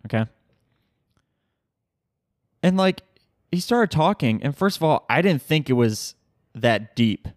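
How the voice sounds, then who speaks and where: A man's voice: mid-range voice, unhurried, pauses often, no echo. A young man talks through a loose solo podcast episode from a home setup, rambling, cursing and laughing at his own tangents. His voice sits in a middle range and comes across close and dry on the microphone. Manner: swearing, laughing, animated rambling. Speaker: podcast host. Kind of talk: casual solo podcast rant.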